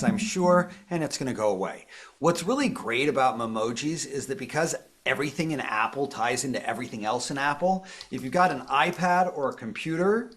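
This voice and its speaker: A man's voice: mid-range voice, fairly bright tone. A man presenting a live phone tutorial, walking viewers through each step in an upbeat, explanatory way. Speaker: tech presenter.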